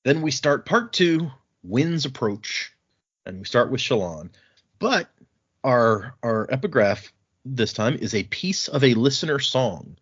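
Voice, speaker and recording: A man hosting a casual book podcast, recapping chapters and slipping into quick voices for the characters. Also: medium pitch, very animated, slightly rough. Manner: retells scenes with quick put-on voices for characters. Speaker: podcast host. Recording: dull lo-fi audio.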